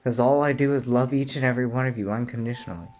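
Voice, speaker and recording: A man delivering an angry, profane rant straight to the listener, often clearing his throat and rising to shouts. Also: medium pitch, fairly even intonation, racing. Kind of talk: angry direct-to-camera rant.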